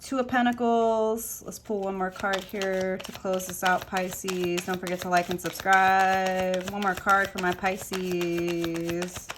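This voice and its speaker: A woman's voice: medium pitch, flat delivery, slow, noisy background. A woman giving a tarot card reading to camera. She speaks emphatically and with passion, builds her points with rhetorical questions, and repeats motivational phrases. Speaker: tarot reader.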